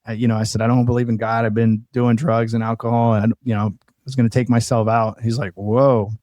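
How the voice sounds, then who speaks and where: A man's voice: medium pitch, flat delivery, fast, warm tone, no echo. A man from Colombia, a podcast guest, earnestly telling his personal story and quoting others along the way. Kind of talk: personal testimony in casual conversation.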